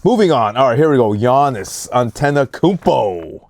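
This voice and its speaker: A man hosting a casual sports podcast, giving animated hot takes and stretching out names for emphasis. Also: mid-range voice, moderate pace, dry recording. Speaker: podcast host.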